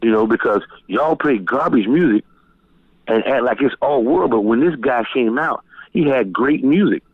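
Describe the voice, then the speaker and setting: A middle-aged man from Florida, telling stories as a guest DJ in a loose, profane, animated way. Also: moderate pace, husky, no room sound. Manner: animated, profane, jumps high when quoting people. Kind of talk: casual storytelling interview. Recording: tinny phone-line sound, dry.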